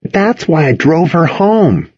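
A man's voice: a little high, big pitch swings, slow, a little mellow, husky, muffled recording, pitched above the performer's own voice, full character voice. A man voicing a sarcastic, teasing teenage boy in a storybook reading. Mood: warning. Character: snarky, protective teenage boy.

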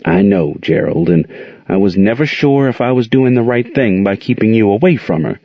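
A man doing a gentle, soothing older aunt. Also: lowish voice, animated, moderate pace, creaky, dry recording. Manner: soft, soothing, calls him child. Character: older aunt raising her nephew, gentle and patient. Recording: dull lo-fi recording.

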